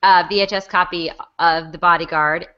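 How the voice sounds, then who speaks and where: A woman chatting casually as a podcast host, jokey and full of quick asides. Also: lowish voice, fairly even intonation, clear, resonant tone. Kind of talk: casual chat. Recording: dull lo-fi recording.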